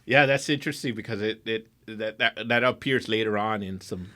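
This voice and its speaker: With a fairly low voice and a slightly quick delivery, a middle-aged guest artist from Southern California swears his way through a lively story in a casual interview, switching into Spanish now and then.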